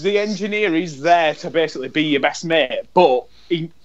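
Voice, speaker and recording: Sweary, animated man on a lo-fi podcast. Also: on the high side, moderate pace, a little hiss or hum. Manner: animated and sweary, acts out quotes. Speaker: podcast co-host. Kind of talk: casual podcast chat. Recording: dull lo-fi audio.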